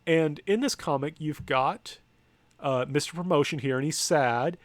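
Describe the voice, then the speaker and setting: This American lecturer speaks slowly in a somewhat high voice, recorded without echo. Presenting from slides, he sounds casual and tentative, filling gaps with ums, restarting sentences, fixing his wording, and adding wry remarks.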